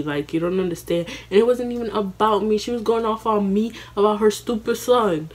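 Husky young woman telling a storytime. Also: medium pitch, moderate pace, few pauses. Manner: animated, profane, dramatic self-quoting. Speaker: vlogger. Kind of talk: casual storytime.

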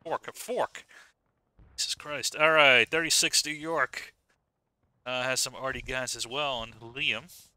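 A man's voice: mid-range voice, unhurried, clean tone, poor audio. A man streaming a game, giving casual commentary and reading out units with joking asides. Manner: relaxed, joking asides while listing units.

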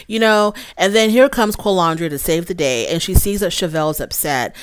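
A woman's voice: mid-range voice, animated, moderate pace, few pauses, clear, resonant tone, no echo, studio quality. A woman hosting a casual recap of a reality show, chatting straight to her viewers and acting out what the cast said. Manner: chatty, addresses viewers as y'all, acts out quotes.

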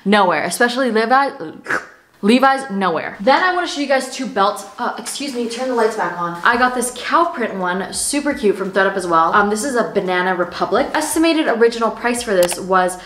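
A woman's voice: a little high, lively intonation, fairly quick, a bit bright. Bubbly young woman in echoey room. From Canada. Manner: bubbly, slangy, lots of "like" and "literally". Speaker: fashion vlogger. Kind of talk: sponsored try-on haul chat. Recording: echoey room, faint noise.

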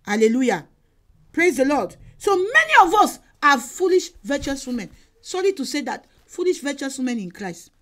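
High-pitched, animated woman evangelist; exhorting sermon delivery, repeats lines, shouts now and then. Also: normal speed. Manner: emphatic, repeats phrases, exhorting.

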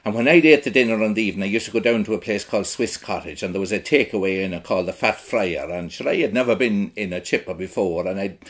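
Husky-voiced rural Irish man storytelling. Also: on the low side, fast talker, few pauses. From Ireland. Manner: blunt, earthy storytelling. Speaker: actor in a one-man show. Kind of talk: theatrical monologue.

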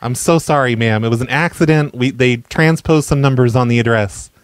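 A man hosting a comedy show, making prank phone calls in a stammering, mock-apologetic, deadpan way. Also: mid-range voice, brisk, clean tone, no echo. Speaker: prank caller and show host.

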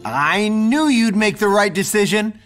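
A woman's voice: medium pitch, animated, measured pace, faint music behind, lightly acted. A woman voicing an earnest, upbeat young cartoon character who talks in an encouraging way.

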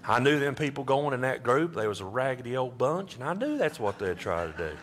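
A man's voice: medium pitch, sing-song, a little fast, a bit bright, slight background noise. A man playing a gossiping churchgoer who talks in a folksy, scornful way. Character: gossiping churchgoer judging a group.

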